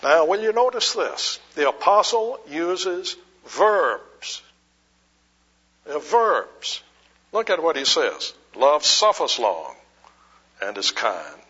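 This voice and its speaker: A male preacher delivers a sermon at an unhurried, measured pace, asking his listeners rhetorical questions and answering them. His voice is husky and swings widely in pitch. The recording is dull and muffled. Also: very animated, a bit bright.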